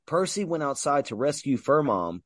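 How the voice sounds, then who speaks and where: An excitable man swearing freely and stammering on restarts as he recaps a movie in casual podcast chat. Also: medium pitch, normal speed, dry recording, studio quality. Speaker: podcast co-host.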